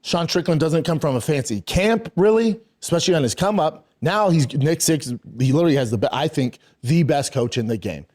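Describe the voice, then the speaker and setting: A man in full podcast rant, his voice swinging high and low as he hammers each point. He swears freely and leans hard on every line, pitched a touch above the usual for a man. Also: animated, fairly quick, few pauses, a little mellow. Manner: emphatic, heavily profane. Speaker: podcast host.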